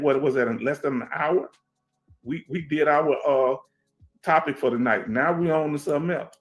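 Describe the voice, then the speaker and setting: A veteran livestream host from Houston, Texas chats casually and reads comments through a headset, with faint music behind. His voice is kinda high and his Houston Black American English delivery is streetwise and emphatic; he repeats stuff and asks "you understand?"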